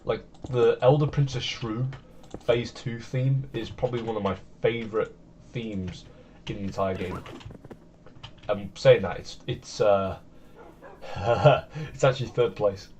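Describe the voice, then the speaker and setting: Male streamer, lowish voice, rambling and easygoing, faint keyboard clatter behind. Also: fairly even intonation, a little slow, a little mellow, dull audio, a little hiss or hum. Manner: rambling, easygoing, self-deprecating. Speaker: game streamer. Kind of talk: casual gameplay commentary.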